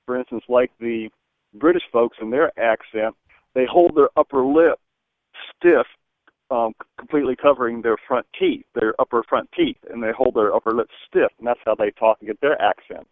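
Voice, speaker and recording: A man's voice: mid-range voice, moderate pace, no echo. A man calling into a talk show, explaining at length with many restarts and repeated words. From American South. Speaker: caller. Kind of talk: phone-in call. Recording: phone line.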